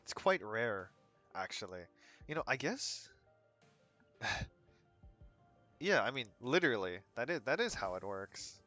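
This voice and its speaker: A man's voice: mid-range voice, sing-song, unhurried, long pauses, bright, forceful tone, soft background music. An American man streaming a game, chatting in a rambling, laid-back way and answering his chat with frequent chuckles. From United States. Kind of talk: casual chat while gaming.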